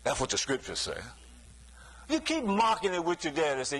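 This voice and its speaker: A man with a fairly high voice delivers a sermon as if he were chatting with the congregation. He keeps checking in with "you see?", chuckles now and then, and slips into other people's voices to act out everyday scenes. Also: huge pitch swings, moderate pace, pauses often, a bit bright, low-quality recording. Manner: conversational preaching with frequent rhetorical "you see?"; chuckles between points, acts out quoted voices. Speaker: preacher.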